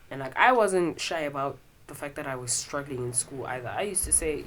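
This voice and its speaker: A woman's voice: low voice, expressive, fairly quick, hardly any pauses, rough recording. A young woman hosting a podcast, talking in a casual, rambling monologue full of fillers and swearing. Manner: chatty and profane, rambling with many fillers. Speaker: podcast host.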